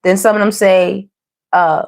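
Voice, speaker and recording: A woman giving a casual tarot reading, sassy and animated, full of slang and calling the viewers "baby" and "y'all". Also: medium pitch, a little slow, gravelly. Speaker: tarot reader.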